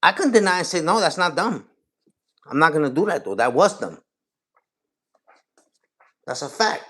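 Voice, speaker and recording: A man's voice: a little high, sing-song, normal speed, sharp tone, breathy edge. A man in his forties hosting a livestream, talking casually and profanely straight to his chat, rambling from point to point. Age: 40s. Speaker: livestream host.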